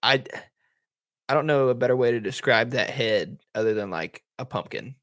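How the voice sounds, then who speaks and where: A man, a podcast co-host chatting casually and asking relaxed follow-up questions. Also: medium pitch, moderate pace, no room sound, studio quality. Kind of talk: casual chat.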